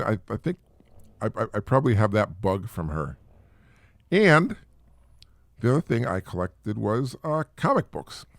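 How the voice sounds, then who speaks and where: Chatty gravelly-voiced middle-aged man. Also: mid-range voice, dry recording, clean studio sound. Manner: rambling, repeats words, lively and chatty. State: sneezing from allergies. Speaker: podcast host. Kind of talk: casual solo monologue.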